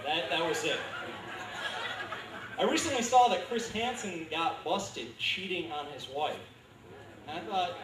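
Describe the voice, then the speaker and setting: A man in his thirties doing a stand-up comedy set, delivering dark one-liners in a dry, deadpan manner. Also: high-pitched, noisy background. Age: 30s. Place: comedy club stage. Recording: echoey club recording from far off.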